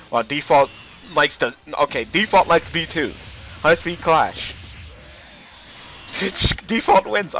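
An excitable man commentating a fighting game match, with a bright, forward voice. His pitch jumps around freely as he reacts to the action. He rambles and chuckles between calls. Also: slight background noise. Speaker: gameplay commentator.

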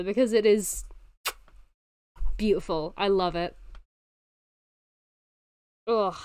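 A young woman in her twenties streaming a game, excitable and laughing often, swearing freely. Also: medium pitch, no echo, studio quality. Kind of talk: casual livestream commentary while gaming.

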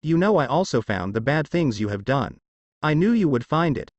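A man voicing a gentle, motherly female earth goddess in a tiny fairy form, read plainly and softly. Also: fairly high pitch, very animated, normal speed, no echo, lo-fi sound. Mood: guilty, sad.

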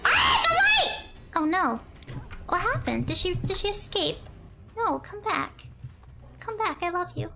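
A woman streamer commenting on a game live, sliding from creepy low murmurs into squeals and laughter. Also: lively intonation, a little slow, creaky, long pauses, very noisy.

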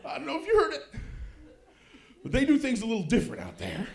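A man in his thirties doing stand-up comedy on a club stage, swinging from low mutters to loud shouted punchlines. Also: wildly swooping pitch, fast, vocal fry. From Kansas City, United States. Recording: roomy club sound.

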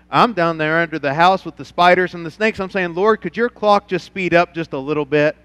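A male pastor preaching a sermon, telling a personal story and moving from quiet, low passages to loud, fervent ones. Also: fairly quick, few pauses, smooth, no room sound. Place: church.

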